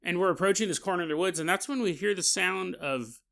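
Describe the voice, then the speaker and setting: A man hosting a podcast, telling a story in a joking, animated way with laughing asides. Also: high voice, fast, gravelly. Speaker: podcast host. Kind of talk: comedic storytelling.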